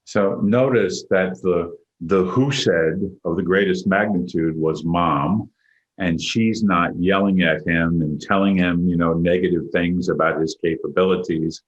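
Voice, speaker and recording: A man's voice: deep voice, measured pace, dull audio. A man hosting a leadership podcast, reflecting on the topic and inviting each guest in by name. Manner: reflective, affirming, asks others by name. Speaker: podcast host, leadership facilitator. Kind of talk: conversational discussion. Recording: roomy echo.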